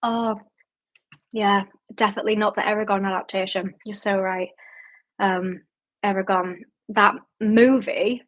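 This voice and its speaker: Chatty Yorkshire woman reading out viewer comments. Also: mid-range voice. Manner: chatty, reads viewer comments aloud and answers them. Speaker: booktube host. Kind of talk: casual livestream chat.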